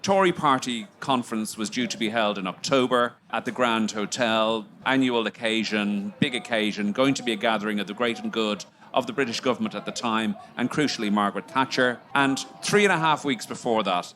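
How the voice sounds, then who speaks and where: A man's voice: lowish voice, a little fast, hardly any pauses, fairly bright tone. A man co-hosting a podcast interview, asking leading questions with stammering restarts. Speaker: podcast co-host.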